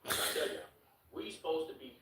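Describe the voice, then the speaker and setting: A man's voice: fairly high pitch, brisk, far from the mic, heavy background noise. A man in his twenties from Chicago, telling a story to his stream chat. He talks casually with a lot of swearing and repeated words. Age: 20s. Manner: animated, profane, repeats words and laughs while telling the story. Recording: roomy room, mic set back.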